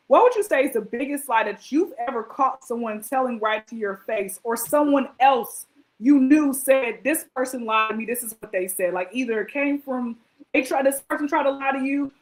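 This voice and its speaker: A woman with a high, bright-sounding voice hosts a relaxed podcast conversation. She is animated and quick with her asides, and she often breaks into laughter. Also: poor audio. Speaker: podcast host. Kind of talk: casual podcast chat.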